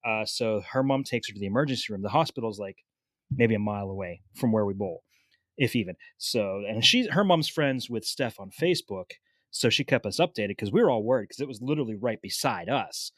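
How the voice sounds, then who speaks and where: A man's voice: on the low side, fairly quick, no room sound, clean studio sound. Laid-back man telling a story. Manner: relaxed storyteller, repeats words as he talks. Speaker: podcast co-host. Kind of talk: casual chat.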